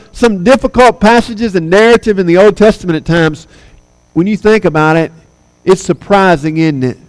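A man's voice: high voice, rough recording. A man preaching a sermon, earnest and emphatic, pressing hard on his key points.

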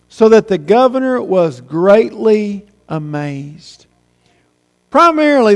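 Slow, high-voiced preacher in a reverberant hall. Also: male voice. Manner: slow and deliberate, dropping soft on key words. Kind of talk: sermon.

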